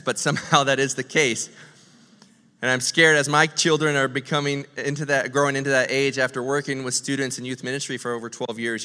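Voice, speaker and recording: Bright-voiced pastor in a reverberant hall. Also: male voice, medium pitch, clear, resonant tone. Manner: animated, joking, acts out quick impressions. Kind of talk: sermon. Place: church stage.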